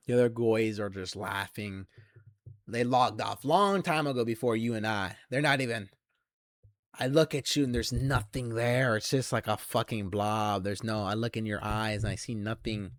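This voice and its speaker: A young man ranting to camera in an aggressive, taunting, heavily profane monologue that swells into shouts. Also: medium pitch, moderate pace, dry recording, clean studio sound. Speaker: channel host.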